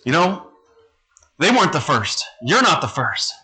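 A man preaching a sermon, reading scripture aloud slowly and low, then explaining it in a conversational way. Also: big pitch swings, pushed and bright, low-quality recording.

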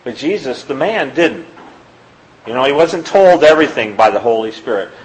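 A man's voice: animated, normal speed, low-quality recording. Man giving a conversational sermon. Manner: conversational, reads scripture aloud, rises in pitch when pressing a point. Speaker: lay preacher. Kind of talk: informal sermon.

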